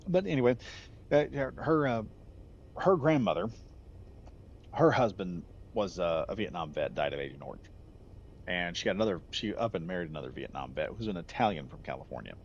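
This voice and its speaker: A low-voiced man telling a rambling story, his pitch swinging widely as he goes. He often corrects himself and laughs at his own jokes. The recording is slightly muffled, with a faint hiss behind him. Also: expressive, brisk. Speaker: gaming channel host. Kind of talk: casual storytelling.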